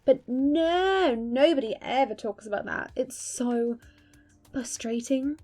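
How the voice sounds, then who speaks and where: A woman's voice: high-pitched, expressive, slow, dark tone, faint music behind. A young woman giving casual fan commentary, gushing and emphatic, swearing freely. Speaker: video creator.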